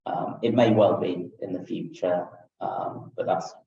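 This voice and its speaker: A man's voice: sits low, steady tone, unhurried, vocal fry, mellow, slight background noise. A man answering audience questions on a webinar, thinking aloud, hedging and repeating words. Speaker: company guest speaker. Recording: dull, echoey, distant video-call audio.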